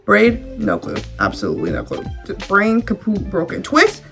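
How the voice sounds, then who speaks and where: Chatty young woman with a gravelly voice. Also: mid-range voice, huge pitch swings, moderate pace, a bit bright, soft background music. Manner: candid, chatty, with casual swearing and filler words. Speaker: vlogger. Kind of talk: casual personal storytelling.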